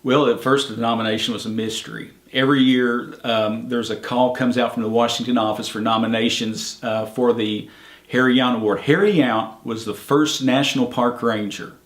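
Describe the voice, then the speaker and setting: A man's voice: mid-range voice, fairly even intonation, moderate pace. A middle-aged man, a park ranger, telling stories in an easygoing, plainspoken way in an oral history interview, with many fillers. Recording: echoey room.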